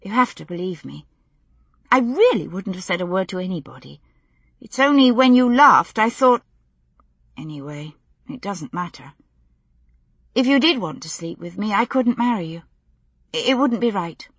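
A woman voicing a young pregnant woman who talks in an earnest, halting, blurting way. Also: mid-range voice, expressive, breathy edge, dry recording.

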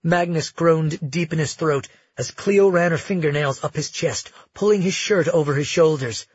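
A man narrating a romance audiobook in a measured, intimate storytelling manner. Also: a little high, a little mellow, breathy edge, no echo, lo-fi sound.

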